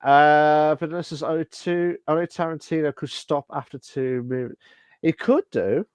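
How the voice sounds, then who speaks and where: A man co-hosting a casual podcast, talking in halting bursts with lots of fillers and restarts. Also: on the high side, smooth, dry recording. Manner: hesitant, many fillers and restarts. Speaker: podcast co-host.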